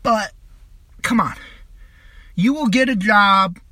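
A young adult riffs through a profane comedy rant, sneering at targets and swearing nearly every line. The voice sits bright and forward. The recording is dry and close, with no room sound. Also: mid-range voice, slow, dry recording. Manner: crude, mocking, swears constantly, trails off and restarts. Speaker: podcast host.

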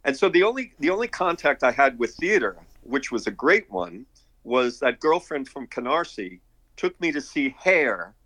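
An older man from Brooklyn spins long, rambling stories from his past as a guest. He chuckles here and there, and his voice sits at an ordinary middle pitch for a man. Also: very animated, moderate pace, fairly bright tone, dry recording. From Brooklyn, New York. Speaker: guest, artist and director. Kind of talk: casual interview storytelling.

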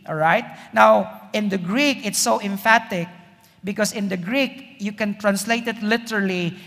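A man preaching a sermon as pastor, slow and emphatic, checking in with the congregation as he goes. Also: sits high, vocal fry, pushed and bright, long reverb tail.

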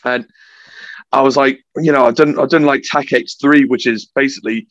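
Young man, podcast guest, animated sweary storyteller, dry and dull sound. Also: medium pitch, normal speed, no echo. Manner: swears a lot, tells stories animatedly. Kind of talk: casual storytelling chat.

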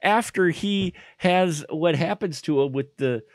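A man co-hosting a casual podcast, excitedly recapping a bad movie scene by scene and laughing often. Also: a little high, unhurried, very noisy. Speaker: podcast co-host.

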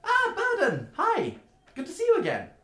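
A man's voice: very high-pitched, huge pitch swings, normal speed, bright, forceful tone, pitched above the performer's own voice, full character voice. A man voicing a cheerful young female gnome driver who is bubbly and welcoming. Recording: roomy echo.

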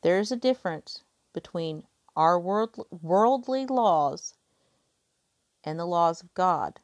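A woman's voice: lowish voice, animated, takes it slowly, dry recording. A woman reading a Bible passage aloud and then talking it through casually and earnestly, with some restarts. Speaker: podcast host.

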